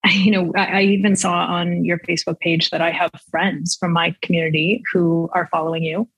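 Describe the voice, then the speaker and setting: A woman's voice: fairly low pitch, little pitch movement, moderate pace, a bit bright, breathy edge, no echo, highs cut off. A woman host from Saskatchewan, Canada, speaking earnestly to a guest and often restarting her sentences. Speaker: podcast host. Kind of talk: conversational interview.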